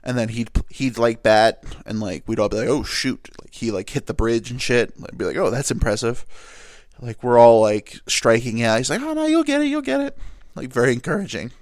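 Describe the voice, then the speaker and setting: A man's voice: medium pitch, steady tone, moderate pace, darkish tone, no echo, studio quality. A young man sounding nasal and teary, telling a rambling personal story with fillers and self-corrections as a podcast host. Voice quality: nasal, sounds like he just cried. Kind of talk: casual storytelling monologue.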